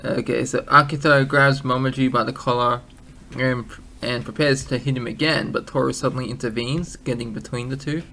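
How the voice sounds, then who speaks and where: A man's voice: medium pitch, steady tone, creaky, sharp tone, a little hiss or hum. A man recapping an anime episode in casual chat with friends, often stumbling over and repeating words. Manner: halting, repeats words, laughs easily. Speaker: co-host.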